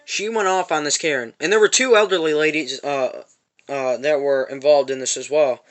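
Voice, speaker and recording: High-voiced man ranting a storytime. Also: moderate pace. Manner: profane, repetitive storytelling. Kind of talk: angry storytime rant. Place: parked van.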